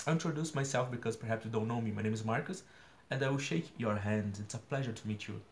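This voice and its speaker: Brazilian guy practicing his english on camera, patient little grammar lesson, roomy sound w/ light background hiss. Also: mid-range voice. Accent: Brazilian Portuguese. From São Paulo, Brazil. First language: Portuguese. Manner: earnest, repeats points slowly with examples. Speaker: English learner vlogger. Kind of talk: daily practice video explaining grammar.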